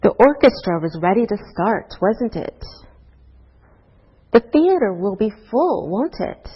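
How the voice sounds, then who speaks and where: A woman teaching an English grammar lesson to a class, speaking slowly and deliberately through example sentences. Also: mid-range voice, big pitch swings, slightly rough. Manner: slow, deliberate teacher talk with rising and falling example tags. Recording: dull lo-fi course recording.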